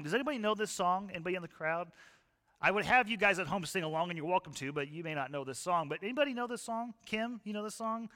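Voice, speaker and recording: Male pastor, bright and slightly high voice, conversational sermon to a live congregation, long hall reverb. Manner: conversational, asks the audience questions. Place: church hall with live audience.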